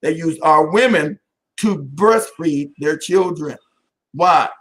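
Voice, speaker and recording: A man hosting a casual live stream, talking to viewers by name, animated and often laughing. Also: fairly high pitch, takes it slowly.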